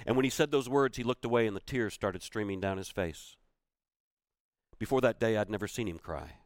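A man's voice: lowish voice, fairly quick, dry recording, clean studio sound. A man giving a motivational keynote. He tells a personal story with emphasis and repeats key phrases for weight. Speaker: motivational speaker.

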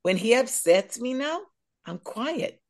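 A middle-aged woman guest speaker animatedly tells her personal faith testimony in a slow, rather high voice.

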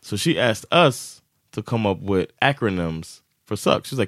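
A podcast co-host with a voice on the low side tells a story in casual chat at an unhurried pace, acting out the quotes and laughing a lot. The sound is clean studio audio with no echo.

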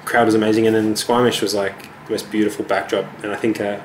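A man's voice: fairly low pitch, level tone, fast, a little hiss or hum. A man with an Australian accent, a touring musician who answers interview questions in an easygoing, modest way. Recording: roomy echo with faint ambience.

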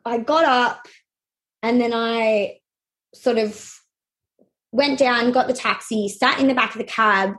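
A young adult woman telling a personal story in a halting way, with many fillers and restarts. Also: a little high, fairly bright tone.

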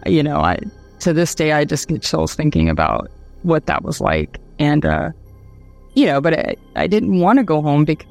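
A woman from Ohio, a guest telling a personal story in a halting way, with many fillers, restarts and nervous laughs. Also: low-pitched, vocal fry, darkish tone. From Dayton, Ohio, USA. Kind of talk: casual storytelling.

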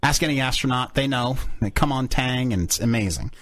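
A man hosting a crude chat show, loud, joking and swearing. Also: medium pitch, lively intonation, fairly quick. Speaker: podcast host. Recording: noisy podcast audio.

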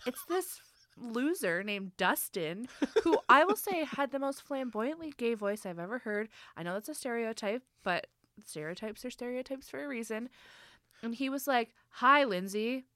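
A woman's voice: fairly high pitch, normal speed, no echo, studio quality. Chatty woman telling a funny story. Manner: animated storyteller, laughs often, quotes people in her own voice. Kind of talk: casual anecdote.

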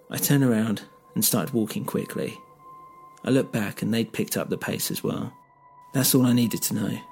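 Gravelly man narrating a tense story. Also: lowish voice. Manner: tense, suspenseful telling. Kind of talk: first-person story narration. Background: music.

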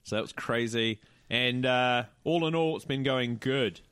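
Dry-witted New man, bright tone. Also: medium pitch, a little slow, clean tone, no echo. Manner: dry, laconic humor with short replies. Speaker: podcast co-host. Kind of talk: casual chat.

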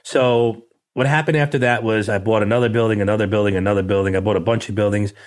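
A middle-aged man with a lowish voice talks quickly as a guest in a casual interview. He tells a story in blunt, streetwise language, animatedly acting out the quoted dialogue himself.

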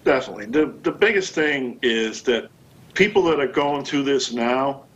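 A man speaking as a guest expert, measured and matter-of-fact. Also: medium pitch, lively intonation, slightly rough, dull audio. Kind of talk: casual chat.

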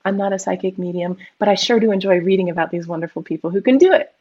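A middle-aged woman from the United States telling a personal story in a lively, animated way in casual conversation. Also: medium pitch, fast talker, breathy edge. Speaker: guest medium and Reiki practitioner. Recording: slightly dull lo-fi audio.

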